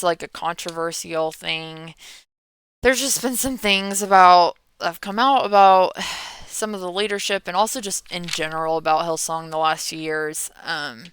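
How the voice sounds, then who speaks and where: A woman's voice: lowish voice, a bit bright, clean tone, dry recording. A tired millennial woman in her thirties, rambling through a casual Q&A vlog, often trailing off and yawning. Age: 30s. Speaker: meme creator.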